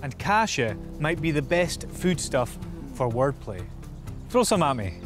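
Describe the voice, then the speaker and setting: Young guy, higher voice, punny and upbeat, music under it. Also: very animated, measured pace. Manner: punning, jokey, upbeat. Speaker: TV presenter teaching Gaelic. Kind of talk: playful presenting to camera. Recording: music bed behind voice.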